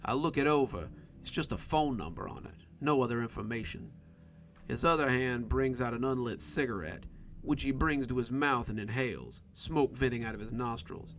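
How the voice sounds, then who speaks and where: A man reading a first-person horror story in a steady, measured narration. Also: mid-range voice, slight background noise.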